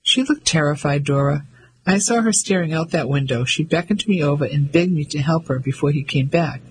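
A man voicing a brisk young English lady who speaks in clipped, firm tones. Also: fairly high pitch, slight background noise, close to an everyday voice, poor audio.

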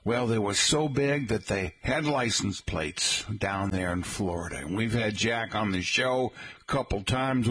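A middle-aged man hosting a local radio show, chatting in a folksy way and slowly spelling out details for listeners. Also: lowish voice, a bit bright, husky. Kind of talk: casual radio talk. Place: radio studio.

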